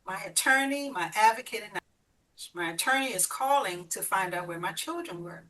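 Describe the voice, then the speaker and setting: Bright-voiced woman, heard from a distance. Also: medium pitch, animated, moderate pace. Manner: vivid, acts out the voices in her story. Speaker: guest sharing her survival story. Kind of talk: personal storytelling.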